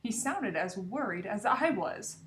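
A woman reading a children's chapter book aloud with lively, expressive storytelling. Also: mid-range voice, measured pace, echoey room, slight background noise. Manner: lively expressive storytelling, voicing the hamster narrator. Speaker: reader.

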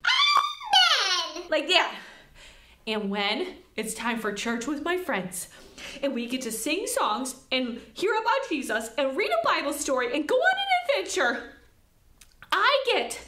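A woman hosting a children's church service with a very high, wildly swooping voice. She sounds bright and keen, addressing small kids in an excited sing-song. Her voice rings in an echoey room. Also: a little slow. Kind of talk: lively preschool church host.

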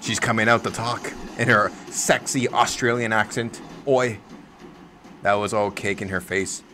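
A man hosting a casual livestream, reacting to wrestling, swearing freely and breaking into loud yells. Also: fairly low pitch, fairly even intonation, normal speed, faint music behind. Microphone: desk microphone.

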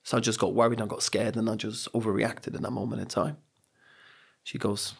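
A man's voice: on the low side, little pitch movement, a little fast, vocal fry, husky. A middle-aged man with a British accent, talking earnestly on a podcast and telling stories with emphatic repetitions. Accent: British English. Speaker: podcast guest. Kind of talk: reflective podcast conversation.

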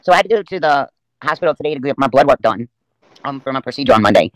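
A man's voice: medium pitch, expressive, very fast, fairly bright tone, no echo, rough recording. A man rambling through stories in casual livestream chat. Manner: rambling, chatty storyteller. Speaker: livestream guest.

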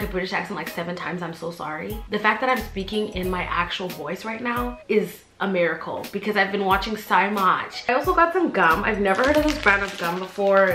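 A woman's voice: mid-range voice, bright, forceful tone. A woman in her twenties talking casually to her viewers, chatty and playful, repeating phrases for emphasis. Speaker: YouTuber. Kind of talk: casual vlog haul chat. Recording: roomy with faint background music.

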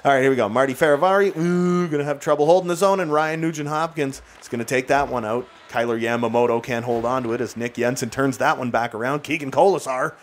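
A man doing excited, jokey play-by-play commentary while playing a hockey video game. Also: medium pitch, quick pace, few pauses. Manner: excitable, jokey, bursts into shouts and laughs. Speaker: gaming YouTuber.

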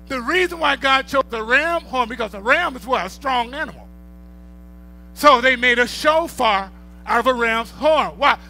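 A man's voice: very high-pitched, bright, forceful tone. A middle-aged male pastor, preaching a sermon with rising bursts of volume and storytelling.

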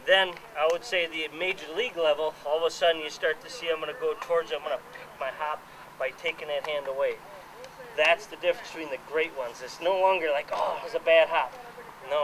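A man teaching softball fielding technique to players at an outdoor clinic. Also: on the high side. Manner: coaching players with hands-on instruction. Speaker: softball coach. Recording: noisy outdoor camera audio.

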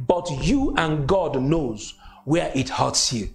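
A man's voice: a little high, expressive, measured pace, creaky. A man whose first language is not English preaches a sermon, repeating phrases with emphatic, consoling delivery.

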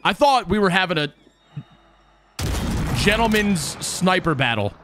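A man giving casual, chatty gameplay commentary, excitable and self-mocking, breaking into yelps when things go wrong. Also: high voice, a little slow, noisy background. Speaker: gaming video creator.

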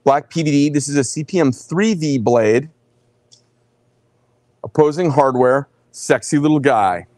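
A middle-aged man hosting a live knife sales show, telling rambling, animated stories between showing each knife. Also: on the high side, unhurried, long pauses, no echo. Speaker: host presenting knives.

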